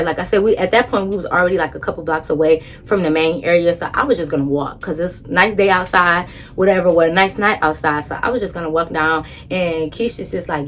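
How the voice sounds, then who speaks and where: Woman vlogging a storytime, animated and blunt, cussing, faint hiss behind. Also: lowish voice, brisk. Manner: animated, emphatic, blunt with heavy swearing. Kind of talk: casual storytime.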